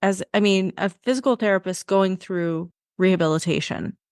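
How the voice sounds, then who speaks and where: A woman hosting a podcast interview, asking questions in a warm, admiring way. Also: mid-range voice, moderate pace, smooth, dry recording, studio quality. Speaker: podcast host.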